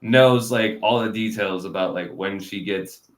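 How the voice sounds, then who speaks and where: Rambling low-voiced man reviewing a film. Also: unhurried. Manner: rambling, many fillers, laughs often. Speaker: podcast host. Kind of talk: casual review chat.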